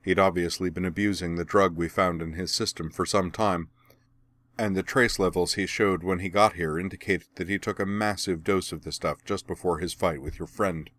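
Man voicing a detached male doctor, clinical, dismissive, measured, storybook reading, deep. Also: fairly even intonation, a bit bright, no room sound.

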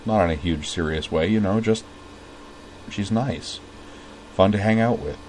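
A man's voice: sits low, a little slow, a little mellow, slight background noise, rough recording. A man voicing a grieving teenage boy whose speech breaks with tears and sobs. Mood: subdued.

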